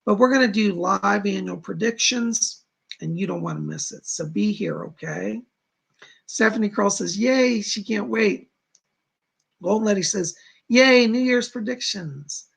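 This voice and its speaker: A man's voice: high-pitched, a little slow, vocal fry, fairly bright tone, husky. A middle-aged man hosting a psychic live stream from home, chatting casually and reading out viewer comments. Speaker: psychic livestream host.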